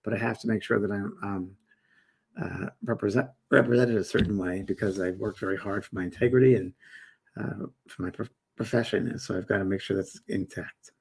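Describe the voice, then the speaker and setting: Gravelly, husky middle-aged man chatting. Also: fairly low pitch, steady tone, a little fast. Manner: rambling, chatty, reads viewer comments aloud and answers them. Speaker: host and medium. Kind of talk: casual live-stream chat answering viewers.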